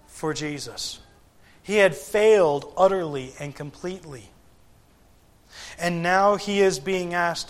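A man preaching a sermon to a gathered congregation, deliberate and emphatic, with frequent pauses and rhetorical questions. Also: a little high, fairly bright tone. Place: church gathering.

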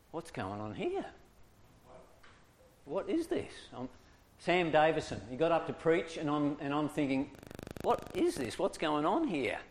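A man preaching a sermon, telling stories animatedly and laughing often. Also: a little high. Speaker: preacher, evangelist. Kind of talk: storytelling sermon.

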